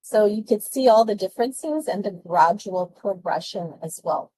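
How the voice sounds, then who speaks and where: A woman presenting speaking tips in an online webinar, lively and chatty, laughing often as she talks with her hands. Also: mid-range voice, moderate pace, dry recording, rough recording. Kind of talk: presenting test-prep tips to an online audience.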